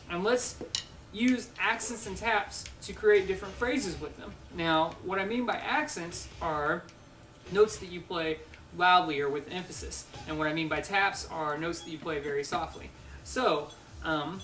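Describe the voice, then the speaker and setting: A man teaching a casual drum lesson at home, chatty and relaxed, counting beats aloud. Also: high voice. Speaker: drum instructor. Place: room at home.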